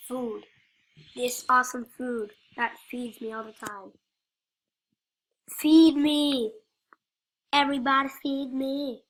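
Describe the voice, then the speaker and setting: A woman's voice: high voice, pushed and bright. A woman giving playful, rambling gameplay commentary, joking and talking to the other players.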